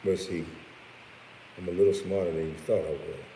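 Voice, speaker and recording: A man's voice: low-pitched, steady tone, moderate pace, mellow. A man vlogging, ranting bluntly and profanely, with laughing asides. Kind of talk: profane rant vlog. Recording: roomy echo with faint hiss.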